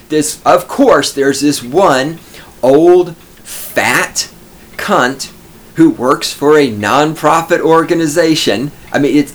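A middle-aged man from Texas, hosting a podcast and telling a scornful, profanity-laced story as a ranting monologue. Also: a little high. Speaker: podcast host.

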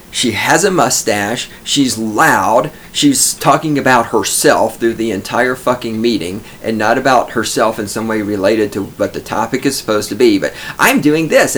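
A man's voice: mid-range voice, a little hiss or hum. A middle-aged man from Texas, hosting a podcast and telling a scornful, profanity-laced story as a ranting monologue. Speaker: podcast host.

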